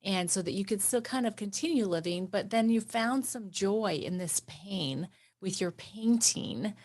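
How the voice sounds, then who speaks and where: A woman hosting a podcast interview, reflecting back her guest's story and asking warm, affirming questions. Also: mid-range voice, a little slow. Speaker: podcast host.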